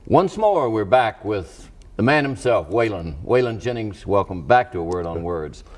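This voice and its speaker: A low-pitched man hosts a studio book interview. He speaks in careful, measured phrases and often pauses to find the right words. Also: expressive. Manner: deliberate, hesitant with many uh and um. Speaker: TV interviewer and host.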